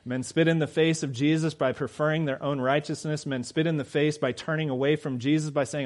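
A man's voice: a little high, steady tone, a little fast, few pauses. Man preaching with emphatic questions. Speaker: pastor. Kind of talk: sermon.

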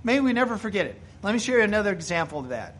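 Man, pastor, high voice, sermon, storytelling, emphatic bursts. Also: sing-song, very fast, a bit bright, slight background noise.

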